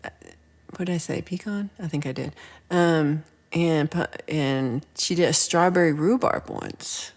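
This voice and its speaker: A lower-voiced woman hosts a relaxed livestream and chats her way through viewer comments. She rambles playfully and keeps slipping into quick whispered asides. The talk is loose and homey. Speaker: livestream host. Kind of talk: casual livestream chat reading viewer comments.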